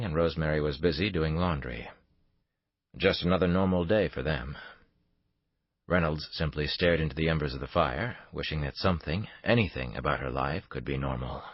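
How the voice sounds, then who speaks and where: A man narrating a thriller audiobook in a steady, dramatic way. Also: very deep voice, no room sound, highs cut off. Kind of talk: scripted narration.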